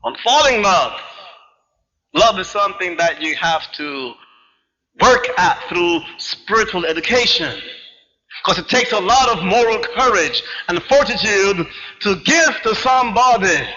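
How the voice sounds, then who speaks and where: A man delivers a spiritual lecture in a high, bright, ringing voice, piling up rhetorical questions and checking in with his listeners. It is an old, dull-sounding 1990s recording with long reverb from the lecture hall. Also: expressive, a little slow. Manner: emphatic, rhetorical questions, frequent "you see". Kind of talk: public lecture to a live audience.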